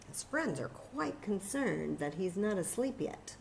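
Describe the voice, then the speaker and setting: Animated woman reading to kids. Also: mid-range voice, measured pace, creaky, few pauses, a little hiss or hum. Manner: animated, enthusiastic, talks to children. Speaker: children's librarian. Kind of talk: children's story time reading.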